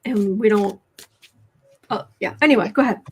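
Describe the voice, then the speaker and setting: A woman co-hosting a casual political tarot livestream, chatty and quick to laugh. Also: medium pitch, breathy edge. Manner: chatty, laughs easily, talks with her mouth full. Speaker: tarot reader co-host.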